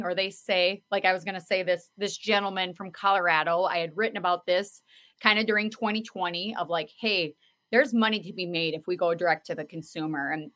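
A woman podcast host talking casually, telling stories in an earnest, animated way with many fillers. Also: mid-range voice. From South Dakota. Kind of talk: casual conversational talk.

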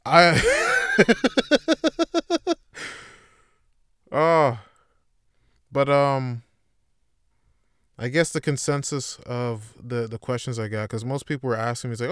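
A man hosting a solo podcast, rambling through a profane comedic monologue that swings between loud bursts and low mutters. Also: animated, moderate pace, long pauses, smooth, no echo, clean studio sound. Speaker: podcast host.

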